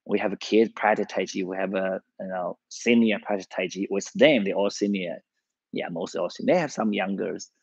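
A man's voice: lowish voice, darkish tone, breathy edge, no room sound, lo-fi sound. A man with a Chinese accent, a tai chi teacher casually telling a story to his live-streamed class, with many fillers and easy laughs.

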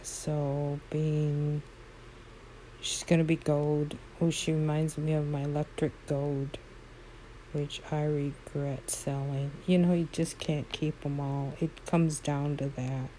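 A woman's voice: deep voice, little pitch movement, takes it slowly, warm tone, slight background noise, poor audio. A woman playing a horse game at home, commenting casually and fondly, exclaiming often and talking sweetly to her horses. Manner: frequent exclamations.

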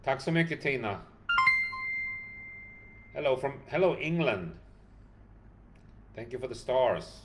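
A man's voice: medium pitch, animated, takes it slowly, long pauses, music in the background. Tired man answering a livestream chat. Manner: reads viewer comments aloud and thanks them by name. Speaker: dog rescue founder answering live chat. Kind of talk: casual livestream Q&A.

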